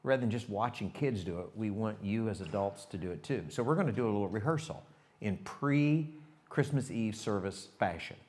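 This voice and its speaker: Lowish and moderately paced, a pastor's voice carries an animated sermon story. He addresses the congregation directly and at times shifts into quiet reflection.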